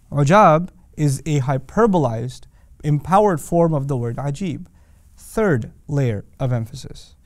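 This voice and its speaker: A man teaching a scripture lesson with a somewhat high voice, recorded close and dry with no room sound. He talks emphatically, piling up rhetorical questions and breaking into quoted Arabic verses. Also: darkish tone, dry recording. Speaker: Quran teacher. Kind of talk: lecture.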